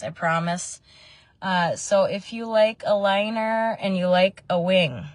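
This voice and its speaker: In a dry recording, a woman in her thirties with a lowish voice does her makeup in a parked car. The makeup vlogger chats casually, wandering from tips to family news and filling gaps with frequent ums.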